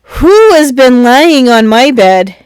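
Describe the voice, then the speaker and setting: A woman's voice: high voice, very animated, takes it slowly, darkish tone, smooth, no room sound, exaggerated voice. A woman voicing a big, stern father bear who growls his lines. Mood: growling.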